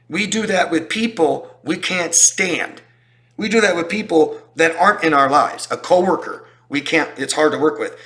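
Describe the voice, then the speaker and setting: A man's voice: fairly high pitch, moderate pace, sharp tone. A man talking as a relationship coach in a casual explanatory style, emphatic and repeating points for stress. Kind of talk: casual explanatory talk to camera.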